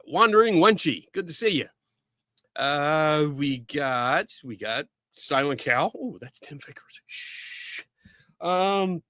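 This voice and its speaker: A middle-aged man hosting a casual live stream, excitably greeting viewers by name in quick asides. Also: fairly high pitch, no room sound, clean studio sound.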